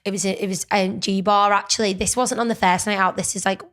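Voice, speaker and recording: A woman's voice: mid-range voice, steady tone, fairly quick, fairly bright tone. A woman in her thirties co-hosting a podcast, telling stories in casual chat with lots of restarts. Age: 30s. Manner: chatty storyteller, many restarts. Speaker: podcast co-host.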